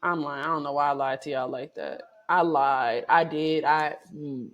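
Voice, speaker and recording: A woman vlogger telling a personal story in a lively, chatty way, with lots of swearing and big swings in pitch and volume. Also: normal speed, dull audio. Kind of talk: casual storytelling to camera.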